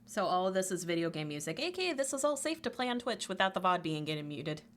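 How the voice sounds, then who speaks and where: A woman's voice: big pitch swings, fast, a bit bright, slight background noise. A woman livestreamer in casual chat, talkative, laughing often and swearing freely. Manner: chatty, swears, laughs often, quotes memes in a squeaky voice.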